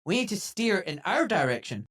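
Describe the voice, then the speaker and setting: A man hosting a podcast in casual conversation, talking emphatically and getting animated when he mimics other people. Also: high voice, moderate pace, husky. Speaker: podcast host.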